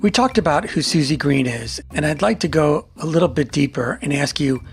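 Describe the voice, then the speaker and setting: Calm male host asking a question. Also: on the high side, fairly quick, creaky, faint music behind. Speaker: podcast host. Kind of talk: interview question.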